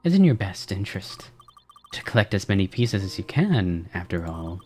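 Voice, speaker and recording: A man's voice: deep voice, very animated, moderate pace, a little mellow, faint music behind. A man voicing a prim, condescending rabbit who holds a debt over the hero. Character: prim, scheming male rabbit patron. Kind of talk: voicing characters while playing a game.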